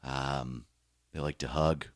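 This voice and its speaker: A man putting on a mock-macho tough-guy voice, speaking in an exaggerated low growl. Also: fairly even intonation, takes it slowly, no echo, clean studio sound. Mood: mock-serious.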